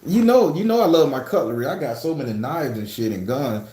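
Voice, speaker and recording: A man's voice: mid-range voice, animated, a little fast, warm tone, reverberant. A man hosting a casual livestream from home, reading viewer comments and telling stories in a loose, profane, joking way. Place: room at home.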